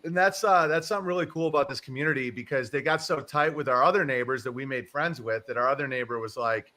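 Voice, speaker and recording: A man's voice: medium pitch, fast, hardly any pauses, pushed and bright. A man hosting a casual livestream, rambling through a story, chuckling and swearing casually. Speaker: livestream host. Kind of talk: casual chat.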